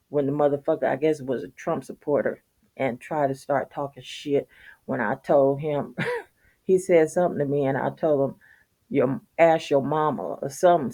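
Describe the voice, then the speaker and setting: A woman's voice: low voice, mellow. A middle-aged woman telling a story to her channel in a blunt, profane rant, laughing often and tagging lines with "okay?". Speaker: vlogger.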